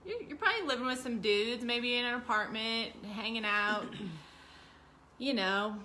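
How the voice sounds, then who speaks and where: A woman co-hosting a casual talk, playing out an imagined scene and slowing to narrate it. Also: on the high side, bright, forceful tone, slight background noise. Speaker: podcast co-host. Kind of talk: casual chat.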